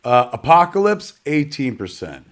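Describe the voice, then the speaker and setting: A man's voice: mid-range voice, sing-song, moderate pace. A man hosting a live online premiere in a casual, rambling way, joking about himself and cursing now and then. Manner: rambling, joking, self-mocking, salty language. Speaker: host of a live digital premiere.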